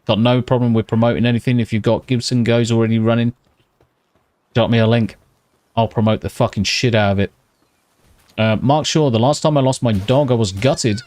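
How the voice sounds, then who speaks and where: Excitable British man swearing on stream. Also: medium pitch, brisk. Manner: talking slightly quietly. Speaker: live streamer. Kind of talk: casual live-stream chat with viewers. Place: at home at night.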